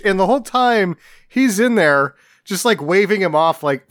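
Man, podcast co-host, sarcastic, swears a lot, slightly high voice. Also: expressive, normal speed, a bit bright, no room sound, clean studio sound. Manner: sarcastic, swears freely, jokes. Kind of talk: casual movie-review chat.

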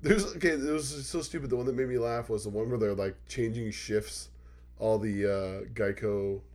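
A man's voice: lowish voice, moderate pace. A man chatting casually on a podcast, telling stories with lots of laughter and freely swearing. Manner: animated storytelling, swears freely, laughs often. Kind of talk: casual chat.

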